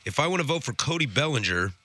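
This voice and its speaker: A man's voice: mid-range voice, sing-song, fast, sharp tone. A man hosting a sports radio show from a studio, teasing his co-host in casual banter. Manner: sarcastic, teasing. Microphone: studio mic.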